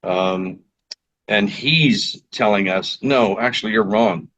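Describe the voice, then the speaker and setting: A man's voice: lowish voice, slow, fairly bright tone. A man, a fire chief, speaking as an interview guest in a reflective, thoughtful way with hesitant fillers. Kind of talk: conversational interview.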